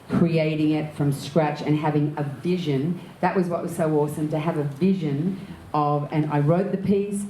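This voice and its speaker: An Australian actor and director, appearing as an interview guest, shares candid anecdotes in an onstage conversation, lively and laughing often. Her voice is a little low and carries through a reverberant room with a faint hum of background noise.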